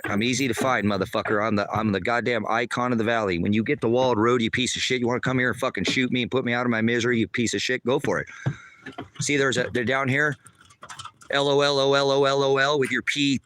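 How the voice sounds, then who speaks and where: A man ranting angrily on a livestream from outdoors at a rural homestead, taunting and cursing, often shouting. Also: medium pitch. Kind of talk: angry livestream rant.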